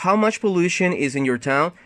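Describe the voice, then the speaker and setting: A man's voice: sits high, expressive, fairly quick, a bit bright, dry recording. A male English teacher giving a recorded online lesson, explaining step by step and often tagging a questioning "no?" onto his sentences. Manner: reads textbook dialogues aloud with livelier intonation.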